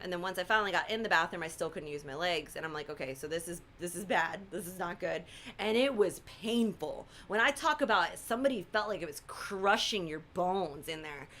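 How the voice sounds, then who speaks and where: A middle-aged woman co-hosting a live stream chat, telling her story in a lively way and acting out what people said. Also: lowish voice, a little fast. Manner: animated storytelling, acts out quotes. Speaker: co-host.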